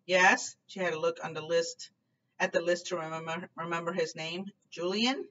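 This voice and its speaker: A woman reading a children's novel aloud in a clear, expressive storytelling manner. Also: lowish voice, brisk. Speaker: book reader. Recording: distant dull lo-fi recording, faint noise.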